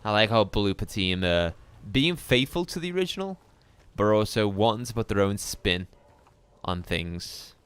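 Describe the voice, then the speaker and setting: A man streaming a live game playthrough, chatting with viewers in a relaxed, musing way. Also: lowish voice, normal speed, clean tone, no echo. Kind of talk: live gameplay commentary.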